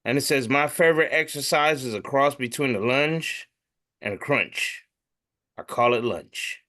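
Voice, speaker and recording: A man's voice: medium pitch, measured pace, sharp tone. A man co-hosting a casual comedy podcast, reading memes aloud and joking, swearing freely.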